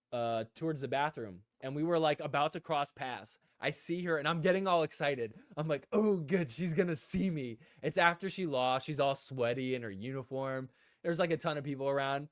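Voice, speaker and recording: A young adult man hosting a casual live stream, telling animated stories, acting out what people said, and laughing often. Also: medium pitch, normal speed, no room sound, studio quality. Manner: animated storyteller, acts out quotes, laughs often. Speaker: host.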